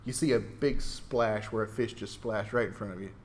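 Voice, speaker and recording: A man narrating a tabletop game as dungeon master, relaxed and plain with fillers. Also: lowish voice, normal speed.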